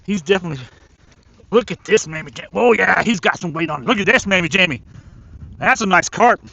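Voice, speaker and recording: A man streaming a fishing tournament live from a riverbank, chatting excitedly and talking to the fish he reels in. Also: sits high, a little fast, creaky, no room sound, dull audio. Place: outdoors by a river.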